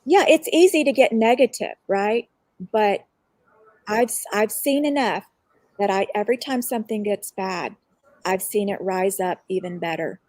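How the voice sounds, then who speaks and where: A woman's voice: medium pitch, normal speed, darkish tone, no echo. Earnest woman telling a personal story. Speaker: guest. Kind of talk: casual chat on a live online show.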